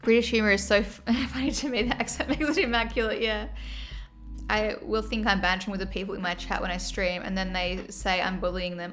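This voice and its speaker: A woman's voice: medium pitch, fairly even intonation, a little fast, a bit bright. Chatty Australian woman streaming. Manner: chatty, laughing, reads chat aloud. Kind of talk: casual stream chat.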